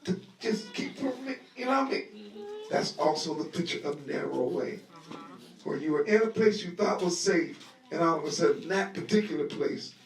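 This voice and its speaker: A man teaching a Bible lesson to a live audience in a lively sermon style, talking conversationally, acting out scenes, and leading call-and-response. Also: on the high side, normal speed. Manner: conversational, acts out scenes with voices. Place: room at a live gathering. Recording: echoey live room audio, voice distant.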